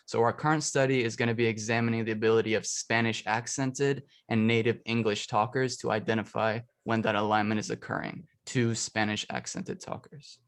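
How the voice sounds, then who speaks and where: A man's voice: on the low side, fairly even intonation, a little fast, few pauses, clean tone. A young man, an undergraduate, giving an academic research presentation, explaining carefully and restating his points. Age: young adult. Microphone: computer mic for an online presentation.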